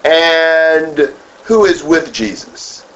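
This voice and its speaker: A man's voice: fairly high pitch, drawn-out words, fairly bright tone. A man leading a group Bible study, who asks questions, then repeats and expands on the answers. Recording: dull lo-fi room recording with faint noise.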